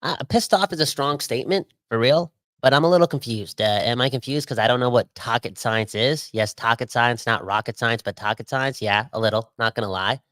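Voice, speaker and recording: Animated man ranting as co-host. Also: medium pitch, a little fast, hardly any pauses, no room sound. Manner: animated, ranting, exclaims often. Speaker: podcast co-host. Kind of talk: casual sports podcast chat.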